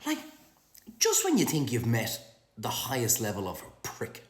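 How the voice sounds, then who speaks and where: An Irish restaurant owner talking straight to camera in a blunt, sweary opinion vlog, sick with flu and clearing his throat. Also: medium pitch, huge pitch swings, normal speed, reverberant.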